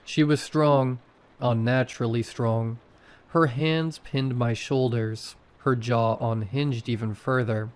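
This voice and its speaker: A man reading a horror story aloud in a slow, measured way. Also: mid-range voice, steady tone, a little mellow. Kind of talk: scripted horror narration.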